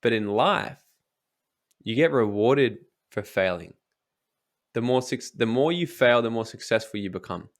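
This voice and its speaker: A young man talks as an interview guest, driving home motivational points with emphasis and the odd curse. His voice sits at an ordinary middle pitch. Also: animated, unhurried, pauses often. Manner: emphatic, swears casually, acts out quoted voices.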